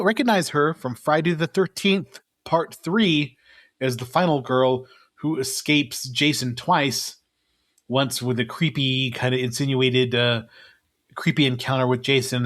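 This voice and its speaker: On a casual movie podcast, a co-host with a medium, fairly bright voice meanders through the cast list, laughing frequently and leaning on filler words.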